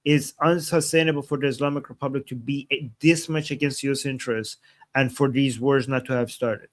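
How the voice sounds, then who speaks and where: A man's voice: mid-range voice, steady tone, a little fast. A man hosting a political livestream, thinking aloud with ums, thanking viewers and asking his guest questions. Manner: musing, hesitant, reads viewer super chats. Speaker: livestream host. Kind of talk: live-stream political talk.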